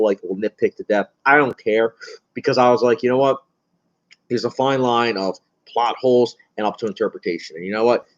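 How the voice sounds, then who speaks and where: A man's voice: mid-range voice, lo-fi sound. A young man answering viewer questions in a casual livestream, rambling and chatty with many fillers and a nervous, self-described anxious manner. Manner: rambling, chatty, frequent fillers, laughs often.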